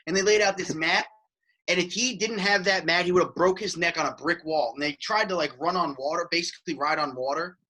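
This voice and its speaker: High, bright-voiced man rambling excitedly. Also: fairly quick, poor audio. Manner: rambling, excitable, swears casually. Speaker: podcast co-host. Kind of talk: casual chat. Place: studio.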